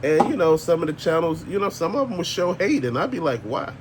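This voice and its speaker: A man's voice: on the high side, lively intonation, a little fast, noisy background. An older man, ranting bluntly and profanely as a channel host, laughing often. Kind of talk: casual ranting monologue.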